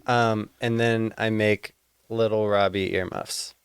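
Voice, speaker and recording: A man's voice: lowish voice, little pitch movement, slow pace, smooth, no echo. A man playing a character in a tabletop game, blunt and wry. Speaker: player.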